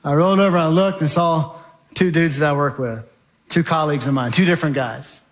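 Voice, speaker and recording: A man with a somewhat high voice recounts his story in a dramatic, storytelling way. He is vivid and emphatic and often turns to the audience. His delivery is lively and direct. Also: fairly quick. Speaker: speaker giving a testimony.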